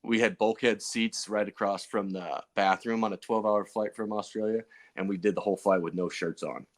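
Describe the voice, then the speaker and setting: With a fairly low, steady voice and a fairly quick delivery, this man recounts stories as a pro BMX racer guesting on a podcast. His casual telling wanders, full of fillers and false starts.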